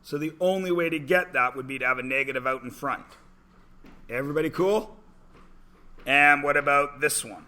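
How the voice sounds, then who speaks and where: A man's voice: a little high, normal speed, pauses often, sharp tone. A man in his forties teaching a math class, chatty and joking, asking the class questions in between. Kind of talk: classroom lecture with anecdotes.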